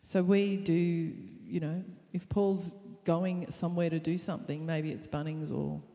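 A woman's voice: deep voice, expressive, a little slow, gravelly, mellow. Playful woman preaching in a hall. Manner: playful, upbeat preaching with laughter. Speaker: pastor's wife. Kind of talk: sermon on marriage.

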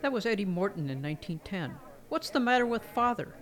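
A man's voice: sits high, very animated, brisk, fairly bright tone. Breezy man hosting an old-time radio show. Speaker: radio host and narrator. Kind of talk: playful scripted radio narration.

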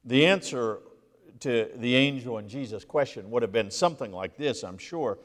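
A male minister preaching a sermon, reading scripture aloud with dramatic pauses and emphasis. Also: medium pitch. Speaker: interim lead minister. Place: church sanctuary. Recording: long reverb of a large hall.

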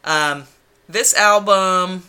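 Podcast co-host, very bright tone, rambling, casual record reviews. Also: mid-range voice, extremely slow, smooth. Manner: rambling, self-deprecating, animated, with swearing and restarts. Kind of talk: casual music review chat.

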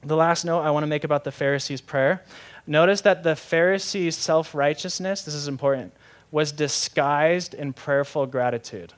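A young man preaching a sermon in a lively, conversational way, often asking the audience questions. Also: fairly high pitch, normal speed. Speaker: pastor.

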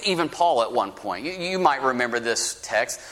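A man preaching a sermon as pastor, with a lively storytelling manner and folksy asides. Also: mid-range voice, moderate pace. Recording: preached in a reverberant hall.

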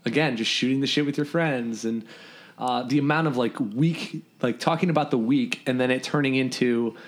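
On a podcast, a guest in his forties who once attended and then counseled at a camp tells old stories in an easygoing chat. Animated and quick to laugh mid-anecdote, he fills gaps with ums, and his mid-range voice keeps a moderate pace.

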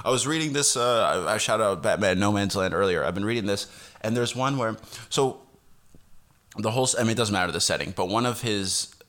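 A man co-hosting a casual podcast, chatting loosely, laughing often and jumping into sudden high-pitched bursts. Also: fairly quick, fairly bright tone. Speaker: podcast co-host. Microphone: close podcast mic, sometimes leaning in very close.

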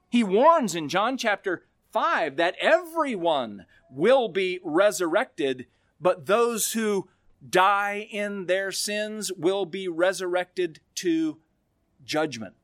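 A male pastor preaching a sermon, expressive, with slow, emphatic stresses on key words. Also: high voice, no echo, clean studio sound.

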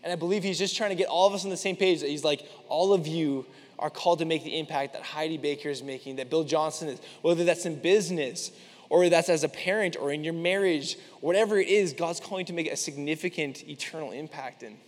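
A man's voice: a little high, quick pace. A young man giving a casual, chatty sermon full of personal stories, talking earnestly with many fillers. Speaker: preacher. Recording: long hall reverb.

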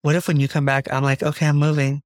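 A young man with a slightly high-pitched voice trades jokes on a casual podcast, playful and quick to laugh. He sounds close to the mic with little room sound. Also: little pitch movement, dry recording. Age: young adult. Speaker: podcast co-host, artist. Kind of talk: casual chat.

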